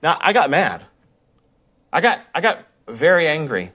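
In this sermon, a man serving as pastor shares a story from his own life, animated and chatty, doubling up on words whenever his passion rises. The pitch is fairly high, the delivery measured, and the voice slightly rough.

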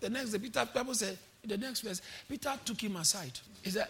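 A male pastor preaching a sermon, impassioned and often shouting, with call-and-response to the church. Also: high voice, fast talker, hardly any pauses. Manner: quotes verses then explains them.

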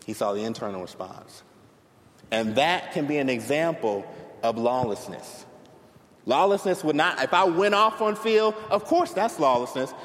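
A male pastor preaching a sermon to a congregation, telling stories in an animated way and clapping as he talks. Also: mid-range voice. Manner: animated storytelling, claps while preaching. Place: church sanctuary before a congregation. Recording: long hall reverb, faint noise.

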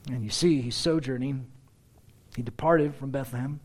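A man preaching a verse-by-verse sermon with sarcastic asides and rhetorical questions, swinging between loud exclaims and hushed asides. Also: medium pitch, moderate pace. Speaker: pastor. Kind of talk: expository sermon.

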